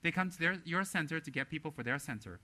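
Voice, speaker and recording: A man giving a dharma teaching as a Buddhist teacher, animated and blunt, often slipping into mimicry of other people. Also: fairly high pitch, fast.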